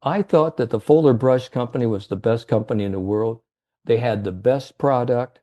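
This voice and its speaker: A man's voice: medium pitch, moderate pace, dull audio, natural voice. A man voicing a homespun eighty-six-year-old male door-to-door salesman with plainspoken pride. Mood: earnest.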